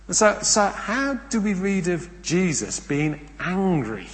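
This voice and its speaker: A man preaching a sermon, emphatic, asking rhetorical questions and swinging between loud and hushed delivery. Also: high-pitched, expressive, moderate pace, hardly any pauses. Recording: long reverb of a large hall.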